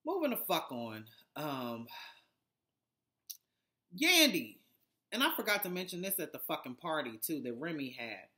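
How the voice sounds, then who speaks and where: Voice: medium pitch, sing-song, moderate pace, few pauses, a bit bright. A vlogger recapping a reality TV episode in a casual, profane and sarcastic way, rambling with lots of fillers and restarts.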